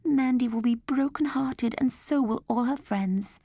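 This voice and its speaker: A woman voicing an anxious mother, pitched up and fretful. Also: measured pace, dark tone, dry recording, studio quality. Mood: worried.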